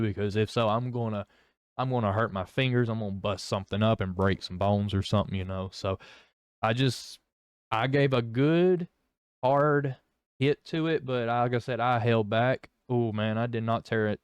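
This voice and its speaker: A man's voice: mid-range voice, smooth, dry recording, clean studio sound. A young man telling his personal testimony in a rambling, candid way, full of fillers and restarts. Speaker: vlogger.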